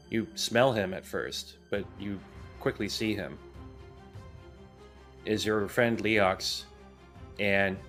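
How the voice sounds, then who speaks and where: A man narrating a tabletop role-playing game as game master, calm and descriptive, with frequent "uh". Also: fairly low pitch.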